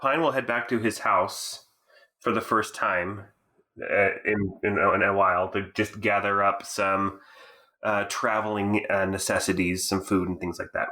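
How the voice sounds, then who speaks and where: A man's voice: fairly low pitch, steady tone, a little slow, sharp tone. A man playing a tabletop game who speaks hesitantly and repeats words. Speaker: player.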